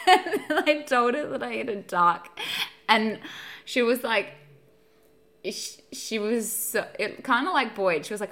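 A woman in casual chat as a podcast co-host, talking fast with lots of fillers and frequent laughs. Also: mid-range voice, lively intonation, fairly bright tone.

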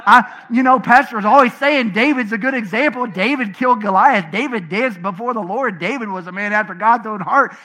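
A pastor preaching a sermon to his congregation, animated, swinging between loud emphatic passages and low, quiet ones. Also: fairly quick, few pauses.

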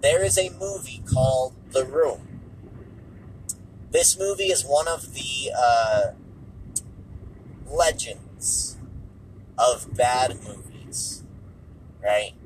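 Man in a car, casual movie talk, mid-pitched, repeats himself for emphasis, faint road noise under the voice. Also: extremely slow, long pauses, rough recording. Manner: conversational, repeats points for emphasis. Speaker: movie reviewer. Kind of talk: casual spoken commentary while driving.

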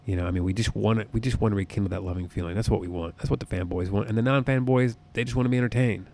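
A man hosting a solo podcast, talking casually in an excitable, jokey, profane way. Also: fairly low pitch, very fast, a little hiss or hum. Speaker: podcast host. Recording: close podcast mic.

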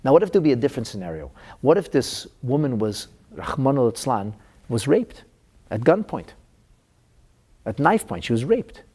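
A man's voice: medium pitch, big pitch swings, moderate pace, dark tone, slightly rough. A middle-aged man teaching a Talmud class as a rabbi, telling a painful counseling story in an earnest, emotional way.

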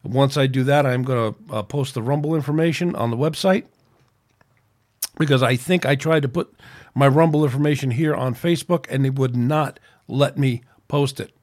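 A man's voice: medium pitch, normal speed, a little mellow. A man hosting his own podcast, venting angrily in a rambling, off-the-cuff rant with frequent restarts. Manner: angry, ranting, rambling with restarts. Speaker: podcast host.

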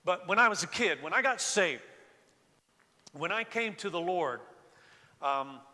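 An older male pastor preaching slowly and conversationally, with a fairly high, bright voice. He often restarts his sentences and asks the congregation to raise their hands. His voice trails off in the long reverb of a large sanctuary. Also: lively intonation. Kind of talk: sermon. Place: church sanctuary.

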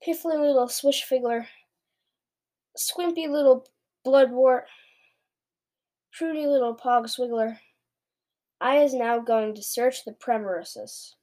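A brutish, greedy giant barks his orders in broken grammar, as a woman reading aloud puts him on. The voice sits a touch high for such a hulk. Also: measured pace, hardly any pauses, lightly acted. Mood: bullying. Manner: shouting, bossy, mangled grammar. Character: huge brutish male giant, bullying and greedy.

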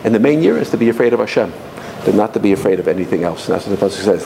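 A man's voice: lowish voice, lively intonation, racing, gravelly, mellow, slight background noise. A man teaching as he tells a personal story, sprinkling in Hebrew and Yiddish terms and often restarting his sentences. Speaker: religious teacher. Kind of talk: storytelling sermon.

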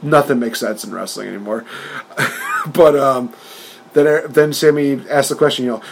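A man co-hosting a wrestling podcast in casual chat, talking with animated energy, laughing often and acting out quotes in a raised voice. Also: mid-range voice, moderate pace, creaky, pauses often, slight background noise, rough recording. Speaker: podcast co-host.

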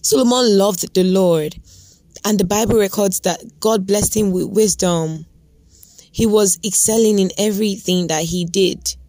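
A woman's voice: mid-range voice, a little slow, dark tone, no room sound. A young woman hosting a devotional podcast, talking earnestly and repeating her points for emphasis. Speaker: podcast host.

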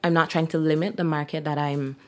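Low-voiced Jamaican woman, chatty. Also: flat delivery, fairly quick, darkish tone. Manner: chatty, laughs often, many fillers. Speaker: guest, T-shirt brand owner. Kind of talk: casual interview chat.

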